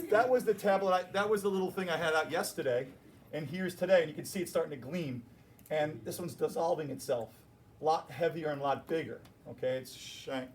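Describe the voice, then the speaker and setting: A man with a high voice teaches chemistry to a room of students. He explains step by step and drops playful jokes along the way, recorded in the classroom with some faint room noise behind him. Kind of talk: classroom lecture.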